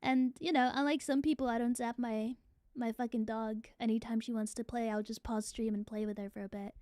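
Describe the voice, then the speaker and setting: A woman's voice: fairly high pitch, steady tone, brisk, darkish tone, no room sound, studio quality. A young adult woman streamer chatting casually to her viewers, swearing freely. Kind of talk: casual live-stream chat.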